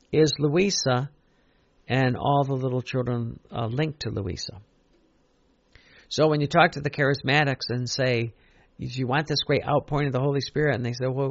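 Man, preacher, gravelly voice, dry close sound, slightly dull recording, earnest sermon. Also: medium pitch, no room sound. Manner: earnest, repetitive, rising emphasis on key phrases.

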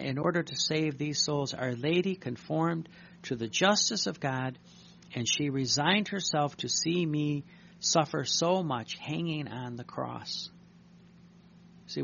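A priest delivers an earnest, reflective sermon, his voice gravelly and rough at the edges. He often circles back and restarts his sentences. The recording is dull and lo-fi, with a faint hum of room ambience behind him. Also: on the high side, a bit bright.

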